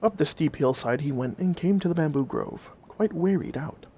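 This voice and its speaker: A man narrating old folk tales in a gentle, old-fashioned fireside storytelling manner. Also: a little high, lively intonation, moderate pace, a little hiss or hum.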